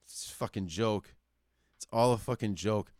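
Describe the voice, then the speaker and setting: A man's voice: on the low side, normal speed, darkish tone, no echo, clean studio sound. A young man from Wisconsin, ranting and swearing heavily in casual podcast chat. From Wisconsin, United States. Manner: profane, ranting, heavy swearing. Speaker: podcast host.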